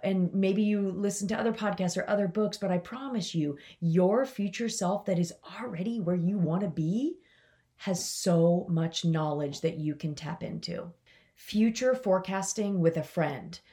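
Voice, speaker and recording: Chatty, lower-voiced woman podcast host. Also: moderate pace, mellow. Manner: enthusiastic, chatty, direct address to listeners. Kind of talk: motivational podcast talk.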